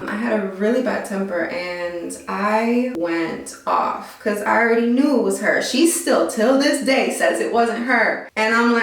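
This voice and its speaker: A young woman chats through a storytime vlog as she gets ready, slangy, animated and quick to mock herself. Her medium-pitched voice bounces around a very echoey room, and she sits some way back from the mic. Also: far from the mic. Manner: animated, slangy, self-mocking asides. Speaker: vlogger. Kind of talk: casual storytime chat while getting ready. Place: room at home.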